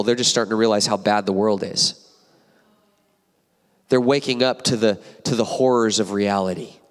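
A man in his forties preaching a heartfelt sermon as a guest preacher, animated and emotional, with asides to the congregation. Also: lowish voice. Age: 40s. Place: church sanctuary. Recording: long church hall reverb.

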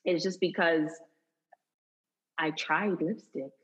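A lively woman guest with a low-pitched, husky voice tells a story in a relaxed interview. She laughs easily and acts out the people in it. The recording sounds dull and lo-fi. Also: slow.

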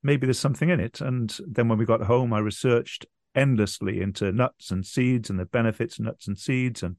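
A man's voice: mid-range voice, moderate pace, darkish tone, dry recording, clean studio sound. A man, a business founder, answering interview questions in a chatty, anecdotal way.

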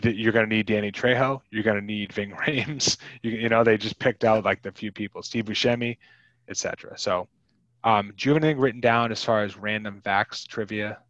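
A man's voice: on the low side, steady tone, a little fast, fairly bright tone, no echo, muffled recording. A man hosting a podcast, chatting casually about a film in a rambling, wry way. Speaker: podcast host.

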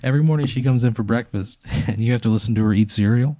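A man's voice: medium pitch, fast talker, dark tone, no room sound, clean studio sound. A man in casual podcast chat, telling an absurd hypothetical story in a rambling way, full of filler words and bits of laughter.

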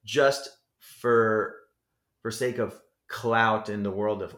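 Man from New Jersey, rapper guest, rambling animated talk, swears a lot, low-ish voice, echoey room. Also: slow pace. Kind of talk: casual interview chat.

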